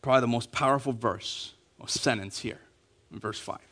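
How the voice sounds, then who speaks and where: A man preaching a sermon, acting out quotes and dropping to a hush on key words, asking the congregation to repeat after him. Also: medium pitch, moderate pace. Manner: animated, acting out quotes, dropping to hushed emphasis; repeats key phrases, asks congregation to say it along. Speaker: pastor.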